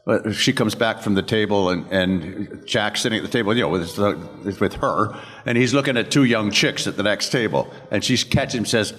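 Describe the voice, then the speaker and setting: A man's voice: lowish voice, normal speed, a bit bright, soft background music. An older man, a voice actor at a convention panel, telling rambling anecdotes and acting out other people's lines. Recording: long echo of a convention hall.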